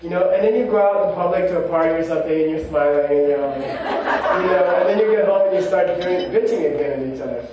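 A man's voice: high voice, fast talker, hardly any pauses, muffled recording, heavy background noise. A man, a monk, giving a casual spiritual talk full of personal stories, rambling and conversational with many "you know"s. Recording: very echoey room, mic far off.

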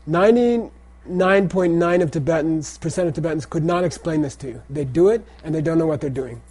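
Middle-aged male teacher, slightly raised husky voice, casual classroom lecture, keeps asking "okay?". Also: a little high, brisk, darkish tone. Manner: repeats phrases and checks in with "okay?". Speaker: teacher of Tibetan language and Buddhist texts.

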